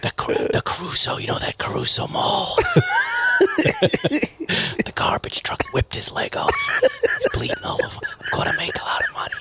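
A sly, greedy whispering lawyer. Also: male voice, very high-pitched, huge pitch swings, unhurried, background noise, voice pushed up, heavily acted. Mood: gleeful whisper. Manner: breathy hushed whisper.

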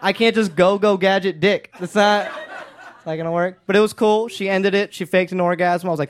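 Young guy doing stand-up on a club mic, lively, cracks himself up, does little voices. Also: high-pitched, fairly quick, slight background noise. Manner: animated, acts out voices, laughs at own jokes. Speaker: stand-up comedian. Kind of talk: stand-up set. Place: comedy club stage.

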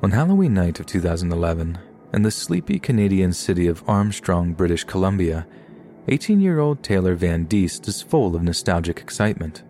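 A man reading scary stories aloud as a scripted narration, in a steady storytelling delivery. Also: sits low, fairly quick, a little hiss or hum. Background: faint background music.

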